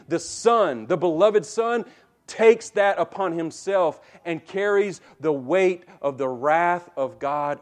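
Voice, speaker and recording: A man delivering a sermon in an unhurried, deliberate way, his voice sitting fairly high. He talks straight to the congregation, swinging from a near hush to loud emphasis and repeating words as he builds each point. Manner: speaks to the congregation directly. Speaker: preacher.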